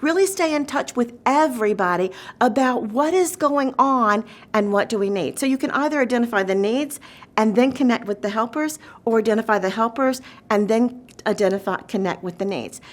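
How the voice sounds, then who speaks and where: Higher-voiced woman teaching about caregiving. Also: moderate pace. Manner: earnest, shifts pace often, acts out quoted voices. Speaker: dementia training presenter. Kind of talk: educational webinar talk.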